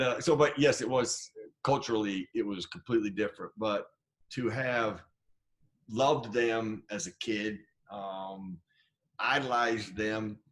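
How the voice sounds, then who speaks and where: A middle-aged man from Idaho, guesting on an interview show and spinning stories from his playing days. He talks casually and with animation, slipping into the voices of the people he quotes. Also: mid-range voice. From Idaho, USA. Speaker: guest, former football player.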